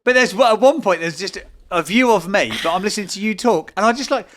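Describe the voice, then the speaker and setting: A man's voice: high-pitched, fairly quick, fairly bright tone. A man in his thirties co-hosting a casual podcast with his wife, teasing and acting out stories. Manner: teasing, acts out a toddler's lines in storytelling. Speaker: podcast co-host. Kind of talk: casual chat.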